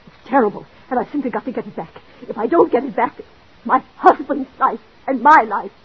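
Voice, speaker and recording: A woman's voice: a little high, brisk, husky. A woman playing a desperate, jealous married woman in an old radio drama, pleading and overwrought, on a dull old recording. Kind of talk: 1940s radio drama acting.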